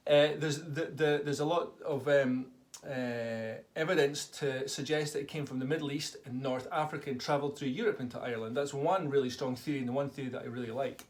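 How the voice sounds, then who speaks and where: A man's voice: medium pitch, fairly even intonation, fairly quick. A man teaching a tabla lesson to children, enthusiastically calling out drum syllables for them to repeat. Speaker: tabla tutor. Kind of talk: online music lesson for children.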